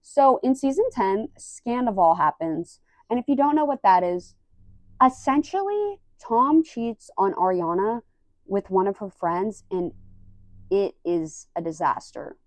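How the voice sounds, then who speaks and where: A young woman casually recapping a reality show, animated and acting out the quoted lines. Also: mid-range voice, a little slow, no room sound. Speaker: recap vlogger.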